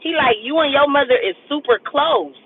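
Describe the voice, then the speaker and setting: A woman's voice: high voice, moderate pace, voice pushed up. A woman quoting her disbelieving young boyfriend with a raised voice while telling a story. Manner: disbelieving questions. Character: incredulous young boyfriend, man. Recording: tinny phone-like audio.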